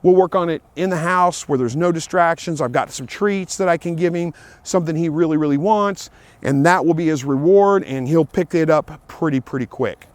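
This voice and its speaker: A man's voice: on the high side, normal speed, dry recording. A man talking casually outdoors about training his dog, plain and easygoing, repeating himself and calling out commands to the dog now and then. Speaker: dog owner giving training tips. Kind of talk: casual outdoor vlog talk. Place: outdoors in a field.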